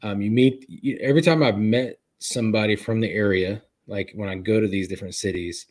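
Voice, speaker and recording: A man with kids, a guest chatting casually on a live stream, talking in halting bursts with many restarts. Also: fairly low pitch, darkish tone. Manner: halting, lots of restarts and fillers. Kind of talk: casual chat. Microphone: live stream setup.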